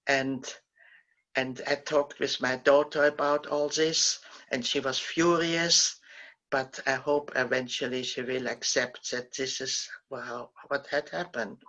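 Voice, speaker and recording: An older woman, a Holocaust survivor, gently recounting her memories as a guest speaker, pausing and restarting often. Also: very deep voice, lo-fi sound. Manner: halting, gentle storytelling with frequent restarts. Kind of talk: recounting personal memories in a talk.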